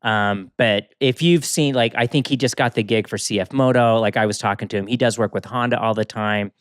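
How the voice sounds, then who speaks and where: A man co-hosting a podcast in casual chat, an animated storyteller who often quotes other people. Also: on the low side, brisk, smooth, no room sound, studio quality. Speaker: podcast co-host.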